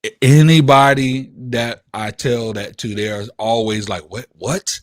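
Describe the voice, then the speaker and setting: A man's voice: mid-range voice, steady tone, a little slow, no echo. Laid-back male host, dry sound. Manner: laid-back, keeps saying "you know what I'm saying". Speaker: host, radio station owner. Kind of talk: casual interview chat.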